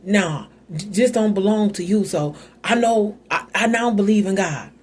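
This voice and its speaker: A woman voices a wronged older father-in-law who brags about money and power. The tone is soft and husky, dark rather than bright, and the delivery is accusing and streetwise. It reads as a scripture scene retold in casual modern talk. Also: medium pitch, moderate pace, natural voice.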